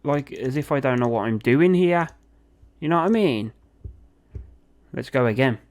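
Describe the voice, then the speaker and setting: A man's voice: mid-range voice, animated, moderate pace. A young man, chatting casually and reacting aloud as he plays a football management game. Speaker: gaming video host.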